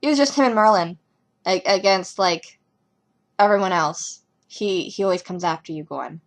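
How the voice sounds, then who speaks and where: A young woman talking casually as a fan reviewing a TV episode, rambling and excitable with lots of ums and likes. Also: medium pitch, normal speed. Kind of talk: casual fan reaction commentary.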